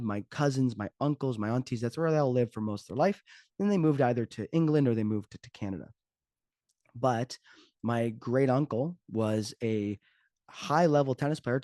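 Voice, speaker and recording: A man's voice: mid-range voice, warm tone, no echo, clean studio sound. A man hosting his own podcast as a fitness coach, talking casually and joking off the cuff. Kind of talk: casual solo podcast talk.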